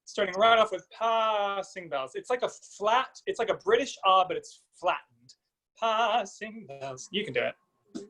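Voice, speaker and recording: A man's voice: high voice, lively intonation, normal speed, pushed and bright, poor audio. A man giving a singer vocal coaching feedback over a video call, singing short phrases to demonstrate.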